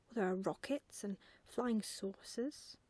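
An excited little boy chatters eagerly in a breathy hush, as a woman whispers him out. The voice is unhurried and sounds close and dry. This is whispered role-play for a bedtime storybook. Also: mid-range voice, no echo.

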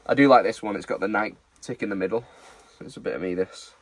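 A man's voice: on the low side, quick pace, slight background noise. A young man, casually showing off secondhand football shirts he is reselling, in a chatty, rambling way. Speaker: online reseller. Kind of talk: casual haul chat.

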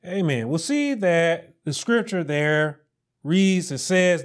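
A pastor delivers his sermon at a slow, deliberate pace, his fairly high voice lifting when he reads scripture. He repeats key phrases for emphasis and leans into the words. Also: expressive. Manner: slow, emphatic preaching, rising in pitch on scripture.

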